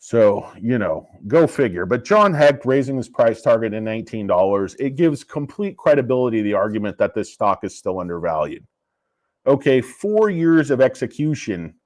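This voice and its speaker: Animated, profane stock-talk guy. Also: medium pitch, normal speed. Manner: profane, combative. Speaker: stock market commentator. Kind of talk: casual investing rant.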